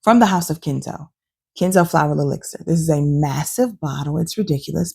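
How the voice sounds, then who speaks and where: A woman with a low, gravelly voice talks through her perfume collection in a casual, opinionated way. Her tone is dark and mellow, and her delivery is chatty and animated. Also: brisk. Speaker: fragrance reviewer and channel host. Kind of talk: casual talking-head review.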